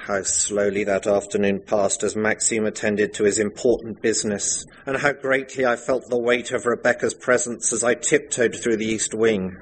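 A man narrating a comic parody in a dry, deadpan storytelling manner. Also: fairly low pitch, normal speed, few pauses, a little hiss or hum, poor audio.

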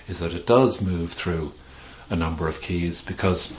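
A middle-aged male author with a low voice speaks a little slowly in a reflective conversational interview, thinking aloud with hesitations and restarts.

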